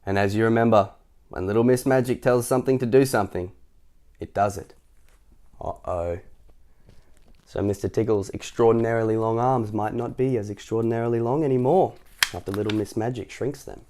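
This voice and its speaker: A man's voice: lowish voice, brisk, warm tone. A man reading a children's picture book aloud, chuckling and adding chatty asides for young listeners. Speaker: storytime reader.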